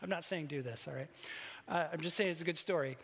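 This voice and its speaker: A man preaching a sermon, retelling a story with animated, conversational asides. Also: a little high, fast, slightly rough. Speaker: pastor. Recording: long hall reverb.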